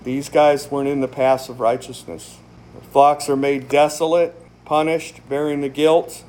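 A man's voice: mid-range voice, little pitch movement, moderate pace, darkish tone. A man, a pastor, giving a casual, emphatic sermon in conversational language, laughing often. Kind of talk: casual sermon, Bible study.

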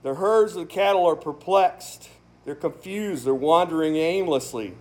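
Casting: pastor with a high male voice, relaxed and folksy, emphatic, breaks into laughs. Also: unhurried. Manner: emphatic, conversational, laughs often. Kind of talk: casual sermon, Bible study.

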